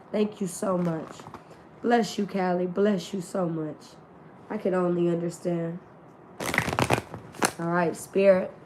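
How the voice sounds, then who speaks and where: Over a noisy background, a woman with a mid-range voice gives an online tarot reading. Her style is casual and crude, packed with slang, and her voice is still recovering.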